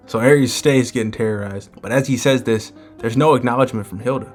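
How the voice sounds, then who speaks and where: A man's voice: medium pitch, fairly quick, hardly any pauses, soft background music. A man casually recapping a manga fight chapter as a commentator, filling his talk with "like" and "he's like". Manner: casual, uses lots of "like" and "he's like".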